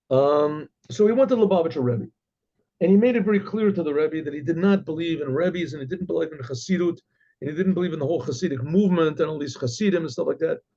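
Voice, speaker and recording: A male rabbi tells a story in a loose, halting way and keeps clearing his throat. His voice is fairly high for a man, gravelly and husky. The recording is dull and lo-fi. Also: animated, mellow. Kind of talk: oral storytelling.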